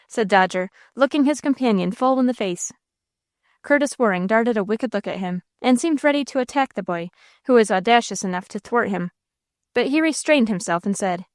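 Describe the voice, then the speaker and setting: A woman reading a classic novel aloud as an audiobook narrator, in a steady, clear manner. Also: mid-range voice, normal speed, dry recording, clean studio sound. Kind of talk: scripted narration.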